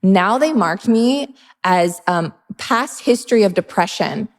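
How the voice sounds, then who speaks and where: A chatty woman interviewer with a mid-range voice, telling her stories with lively quoted back-and-forth. Her voice trails off into a long reverb, as if the room were large and bare. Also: medium pitch, unhurried. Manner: chatty storyteller, acts out quoted dialogue. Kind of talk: casual podcast interview.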